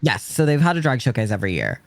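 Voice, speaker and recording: A man's voice: mid-range voice, huge pitch swings, fast talker, vocal fry, dry recording. Chatty Irishman with a dry, close sound. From Ireland. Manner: chatty, rambling, self-mocking. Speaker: drag performer guest. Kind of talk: casual chat.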